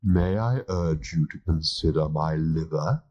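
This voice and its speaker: A man voicing a polite, unhurried bovine creature that was bred to be eaten, on an old audiobook tape. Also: very deep voice, darkish tone, highs cut off, a little hiss or hum. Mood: coaxing.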